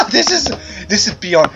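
Pitched high with a creaky edge, a male gamer commentates on his play, exclaiming and pleading with the game out of exasperation. The dull lo-fi microphone adds loud noise and clicks.

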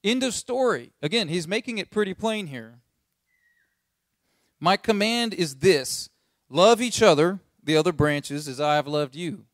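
A man's voice: sits high, animated, unhurried, dry recording, clean studio sound. A man preaching a conversational sermon, reading scripture aloud and repeating key lines for emphasis.

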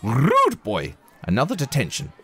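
A man's voice: fairly high pitch, huge pitch swings, moderate pace, slight background noise, pitched above the performer's own voice. A man voicing a fussy, wittering female PE teacher in a storybook reading. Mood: scolding. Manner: wittering, bossy. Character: high-pitched fussy woman PE teacher.

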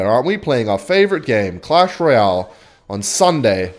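A man giving joking, excitable play-by-play commentary on his own game, like a mock sportscaster teasing his opponent. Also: fairly low pitch, normal speed. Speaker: gaming video creator.

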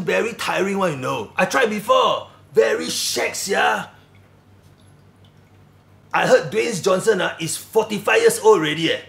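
Man doing goofy Singlish young guy, excitable, echoey room. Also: high voice. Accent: Singaporean English (Singlish). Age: 20s. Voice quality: creaky, playful Singlish sing-song. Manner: chatty, excitable, Singlish particles. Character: goofy young Singaporean man, earnest fan. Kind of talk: comedy sketch.

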